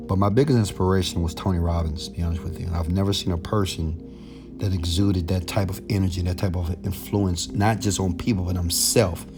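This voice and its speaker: A man giving a motivational monologue straight to camera, preachy and repetitive, building from low, confiding talk to loud exhortation. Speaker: motivational speaker.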